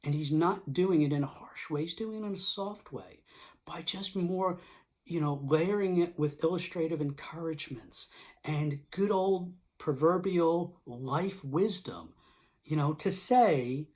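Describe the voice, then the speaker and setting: Reflective pastor, gentle delivery, drifts to near-whisper, casual restarts and "you know"s. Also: medium pitch, expressive, normal speed. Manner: soft-spoken with frequent restarts and "you know". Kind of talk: reflective online sermon.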